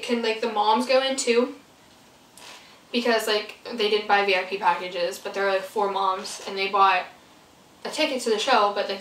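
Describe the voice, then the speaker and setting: A woman's voice: medium pitch, fairly bright tone. A teenage girl telling a rambling story in casual chat, full of fillers, acting out what people said in a bedroom vlog. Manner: rambling, filler-heavy, acts out quotes. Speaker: vlogger. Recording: roomy echo, mic a bit far off.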